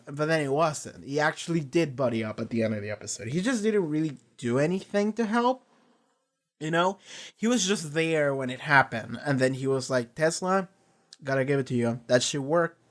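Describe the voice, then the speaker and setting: A man hosting a reaction channel, talking through a TV episode in a loose, rambling way with many restarts, casual swearing and paraphrased character lines. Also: mid-range voice.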